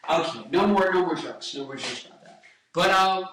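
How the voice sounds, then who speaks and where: A young man with a bright, forward voice chats loosely about singing and slips into quick sung lines between thoughts. He sounds a little away from the mic in a very echoey room. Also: high voice, distant mic, a little hiss or hum. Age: 20s. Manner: rambling, jokey, breaks into song snippets. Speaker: singer and guitarist giving vocal tips. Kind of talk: casual vlog with sung demonstrations.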